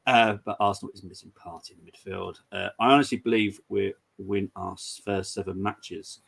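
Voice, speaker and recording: A man's voice: fairly low pitch, steady tone, brisk, gravelly, a bit bright, breathy edge. A man hosting a casual football preview show, chatty and giggly, reading out viewer comments. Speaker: host.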